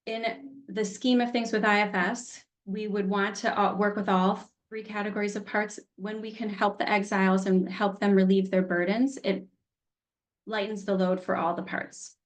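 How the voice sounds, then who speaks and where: A woman's voice: medium pitch, level tone, moderate pace. A middle-aged woman teaching an online healing class, chatty and candid, laughing easily. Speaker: workshop teacher.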